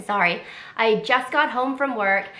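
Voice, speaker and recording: A woman vlogger with a head cold, congested and a little raspy, chatting excitedly through an unboxing. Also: fairly high pitch, measured pace. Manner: chatty and excited, many fillers. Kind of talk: casual unboxing chat. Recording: echoey room.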